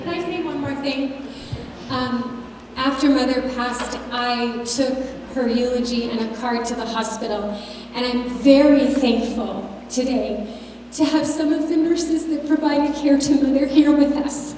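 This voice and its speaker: A woman's voice: sits high, measured pace, a little mellow, in a large hall, slight background noise. Tearful woman giving a memorial tribute. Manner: tearful, emotional, speaks of feelings openly. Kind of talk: heartfelt memorial tribute speech. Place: church.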